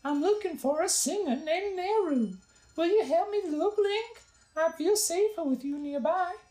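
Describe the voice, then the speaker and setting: Brief: high, drawn-out, gentle old nurse from a game as a woman reads it aloud; roomy sound. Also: soft background music. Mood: frightened, polite.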